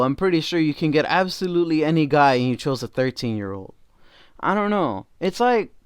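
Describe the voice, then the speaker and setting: A man's voice: on the high side, lively intonation, normal speed, pauses often, smooth, dry recording, clean studio sound. A man giving blunt, casual reaction commentary, swearing freely and padding his talk with fillers. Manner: blunt and profane, with many fillers.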